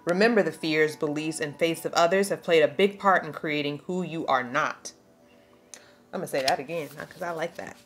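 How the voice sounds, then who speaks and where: A woman's voice: low-pitched, animated, moderate pace. A woman giving a spiritual tarot reading to camera. She preaches in an emphatic, slangy way, reads aloud from a card book, and is tearful. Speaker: tarot reader.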